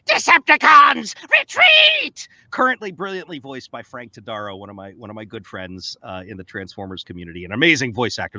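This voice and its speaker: A man in his forties, a voice actor guest, telling stories in a casual interview with an excitable, animated manner. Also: mid-range voice, no room sound. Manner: animated, excitable, often slips into playful character voices.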